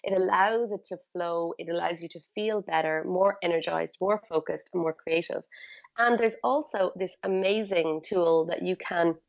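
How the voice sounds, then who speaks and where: A woman guest on a podcast interview, explaining feng shui in a chatty, animated storytelling way with many fillers. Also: on the low side, moderate pace, creaky, lo-fi sound.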